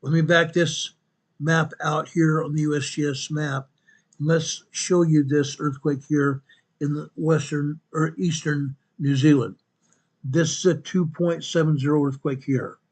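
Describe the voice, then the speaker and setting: Male host with a somewhat high voice, walks through a map and reads each quake figure twice, corrects himself on the fly. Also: steady tone, unhurried. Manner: corrects himself mid-sentence. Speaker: earthquake report host. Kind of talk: narrating a map-based earthquake update.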